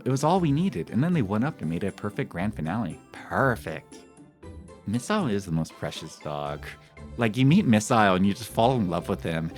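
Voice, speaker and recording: Soft music plays faintly as a live streamer in his thirties talks to his viewers in a low-pitched, rambling, casual way. He gets animated, his pitch swinging widely, and he laughs along with his own stories.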